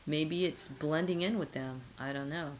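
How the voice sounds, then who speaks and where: A middle-aged woman with a notably low voice answers interview questions in a relaxed, unhurried way. She muses aloud and trails off into rhetorical questions. There is faint room ambience behind her. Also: slight background noise, low-quality recording. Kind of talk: casual conversational interview.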